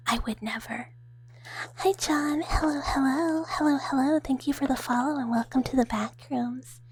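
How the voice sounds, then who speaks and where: A woman streamer doing a whispered role-play, chatting softly with viewers in a breathy whisper and giggling often. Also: high voice, unhurried. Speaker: ASMR streamer.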